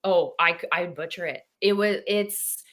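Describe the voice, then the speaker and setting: A woman actress as a podcast guest, chatting in an animated way and laughing easily. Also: on the low side, normal speed. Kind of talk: casual interview chat.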